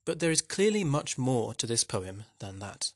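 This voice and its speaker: A man's voice: mid-range voice, sing-song, normal speed, no room sound, studio quality. A man teaching literature in a wry, conversational way, posing questions to the listener as he explains a poem. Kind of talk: explanatory lesson narration.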